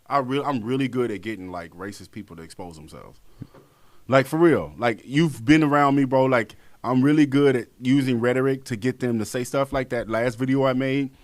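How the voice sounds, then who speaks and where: A young man co-hosting a podcast, talking casually and profanely, swinging from low mutters to high outbursts. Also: no echo. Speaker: podcast co-host. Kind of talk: casual chat.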